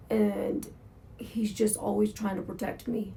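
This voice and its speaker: A woman's voice: medium pitch, level tone, moderate pace, gravelly, warm tone, a little hiss or hum. A woman vlogger telling her story at home in a casual, candid, earnest way, swearing freely. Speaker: motorcycle vlogger. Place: at home, in pajamas.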